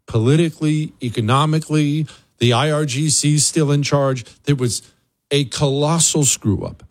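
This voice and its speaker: A man's voice: medium pitch, no room sound. A man hosting a radio talk show, giving a blunt, emphatic monologue with sarcastic asides. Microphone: studio microphone.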